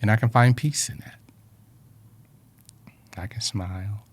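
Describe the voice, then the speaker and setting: A man's voice: on the low side, measured pace, husky. A man in a reflective personal talk, speaking earnestly about life lessons and often repeating words, emotional with a drying throat.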